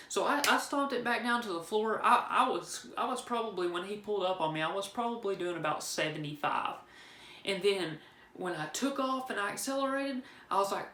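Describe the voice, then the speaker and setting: A man's voice: sits high, a little fast, sharp tone. Guy spinning a rambling, jokey story, recorded in an echoey room. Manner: rambling, joking, with frequent restarts. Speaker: vlogger telling a personal story. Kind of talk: casual storytelling. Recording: roomy echo.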